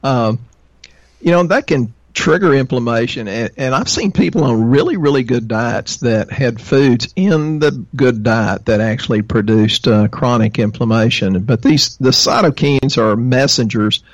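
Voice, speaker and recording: A man's voice: mid-range voice, unhurried. A Texan man talks as a podcast guest, explaining health topics in a rambling, folksy way full of fillers. His recording sounds dull and lo-fi, but dry, with no room echo. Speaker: guest, natural health practitioner. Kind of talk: casual interview.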